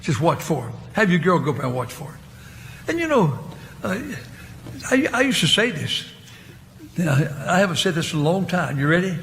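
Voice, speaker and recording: Halting older preacher. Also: male voice, fairly high pitch, big pitch swings, fairly bright tone. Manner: halting, rambling, repeats words. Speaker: pastor. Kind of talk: sermon. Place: church. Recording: reverberant church hall, faint hiss.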